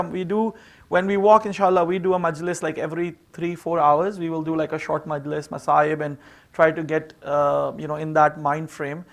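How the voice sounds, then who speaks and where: A man giving an informal seminar talk, telling stories in a conversational way with plenty of fillers. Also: a little high. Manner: conversational, full of "you know" fillers. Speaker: seminar speaker.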